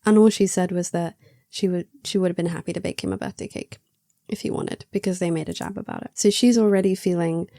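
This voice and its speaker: A woman's voice: lowish voice, steady tone, fast talker, creaky, dark tone, no echo, clean studio sound. A young woman reviewing a book in casual chat, sarcastic and chatty, acting out the characters' lines.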